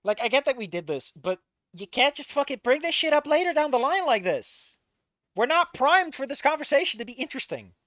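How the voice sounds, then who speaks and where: A man's voice: very high-pitched, sing-song, fairly quick, fairly bright tone, no echo. A man giving casual, sarcastic read-along commentary on a fan fiction, exasperated and swearing often.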